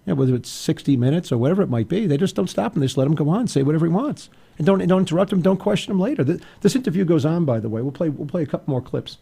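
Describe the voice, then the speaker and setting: A man's voice: fairly high pitch, lively intonation, rapid-fire, gravelly, dark tone, breathy edge. A male talk radio host giving opinionated commentary in a wry, exasperated way, often repeating words as he goes.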